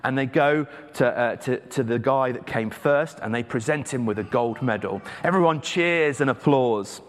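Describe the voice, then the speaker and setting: A man's voice: medium pitch, moderate pace. A man from England preaching a sermon in a conversational, self-deprecating way, with hesitant fillers. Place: church. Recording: reverberant church hall.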